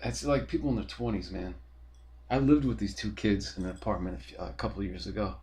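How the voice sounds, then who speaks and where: A man's voice: lowish voice, quick pace, darkish tone. A man hosting a podcast from his apartment, ranting in a rambling, profane and exasperated way. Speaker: podcast host. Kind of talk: casual ranting monologue.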